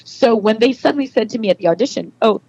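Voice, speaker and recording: A middle-aged actress chatting as a podcast guest, telling animated stories and acting out quoted dialogue. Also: female voice, a little high, fast talker, slightly rough, poor audio. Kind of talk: casual interview.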